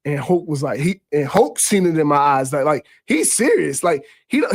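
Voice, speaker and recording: Animated former quarterback, man, high-ish voice. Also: normal speed, few pauses, breathy edge. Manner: animated, pitch jumps high when quoting others; repeats words while gathering thoughts. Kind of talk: casual sports talk storytelling.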